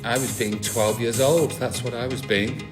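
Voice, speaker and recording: A man's voice: medium pitch, fairly even intonation, normal speed, music in the background. A man, hosting a casual live stream, rambling and cheeky with crude jokes. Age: 40s. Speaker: livestream host.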